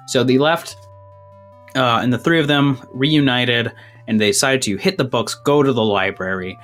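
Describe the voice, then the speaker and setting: A man's voice: medium pitch, moderate pace, a bit bright, soft background music. A man running a tabletop game as game master, rambling through rule changes and a recap, a bit out of breath. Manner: rambling, self-interrupting, laughs at his own jokes.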